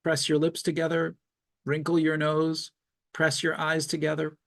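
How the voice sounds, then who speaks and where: A man, a psychologist leading a webinar, calmly guides listeners through progressive muscle relaxation with slow step-by-step cues and long pauses, speaking over a video call. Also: on the high side, vocal fry.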